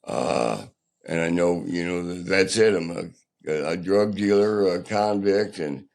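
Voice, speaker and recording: A deep, gravelly older man tells his story as a podcast guest. His talk is plain and halting, with a rough edge and frequent restarts. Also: darkish tone. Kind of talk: candid personal storytelling.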